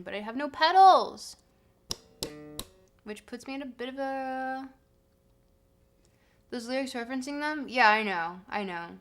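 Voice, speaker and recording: A woman streamer chatting casually with her chat, reading comments aloud and humming between songs. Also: medium pitch. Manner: chatty, reads chat aloud, sings along. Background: music.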